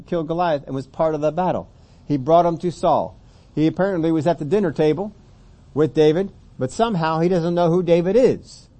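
Mellow-voiced man preaching a sermon. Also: a little high. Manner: conversational, rising to emphatic scripture reading.

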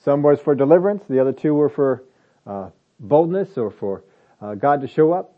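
A man's voice: on the high side, lively intonation, normal speed, phone-quality sound. A man preaching a sermon in a conversational way, building to emphatic lists.

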